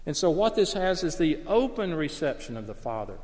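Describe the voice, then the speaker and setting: A man delivers a sermon in an earnest, emphatic way, leaning into his main points. His voice sits a little high for a man. The sound carries the long reverb of a large hall. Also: sing-song, brisk, darkish tone. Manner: earnest, emphatic, rises to stress key points. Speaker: preacher.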